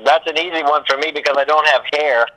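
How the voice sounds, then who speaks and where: Self-deprecating male co-host, slightly higher voice. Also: steady tone, fast talker, bright, forceful tone, low-quality recording. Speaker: podcast co-host. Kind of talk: casual podcast chat.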